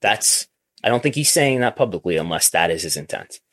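A man co-hosting a casual wrestling news talk show, often restarting his words and firing off quick questions. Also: fairly low pitch, dry recording, clean studio sound. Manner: stammering restarts, animated questions. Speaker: podcast co-host.

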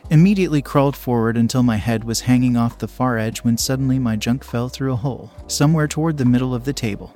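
A man reading a first-person story aloud in a steady, measured storytelling voice. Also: medium pitch, soft background music. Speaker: narrator.

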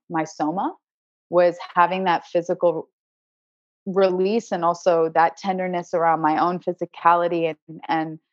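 A woman's voice: on the low side, dry recording. A woman guest on a podcast who works as an acupuncturist, telling a personal healing story in an earnest, spiritual way and often repeating words as she searches for them. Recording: dry, slightly dull recording.

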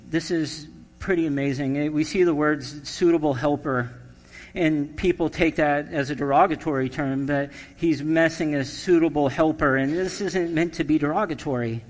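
A man's voice: fairly high pitch, long reverb tail. A man preaching a sermon as pastor, conversational and humorous, reading scripture and telling stories.

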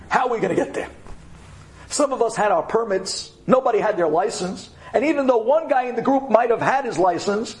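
A middle-aged man from New York telling a personal story to an audience of women in a dramatic, expressive way, acting out the dialogue. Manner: dramatic and expressive, jumps up in pitch for emphasis, acts out dialogue. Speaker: speaker addressing an audience of women.

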